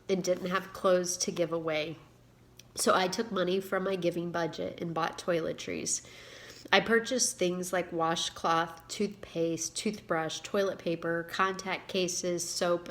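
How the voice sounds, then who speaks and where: Woman in her 40s, lower voice, personal video reading her own story, gets choked up, halting delivery. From Indiana, USA. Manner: emotional, halting, reading aloud with pauses. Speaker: author and giving speaker.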